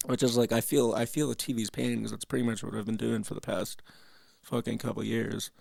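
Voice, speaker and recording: Canadian male host, gravelly and mid-pitched, swearing through loose reaction chat at a dry home desk mic. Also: flat delivery, brisk, a little mellow, no room sound. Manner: rambling, profane, laughing asides. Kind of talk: casual reaction commentary.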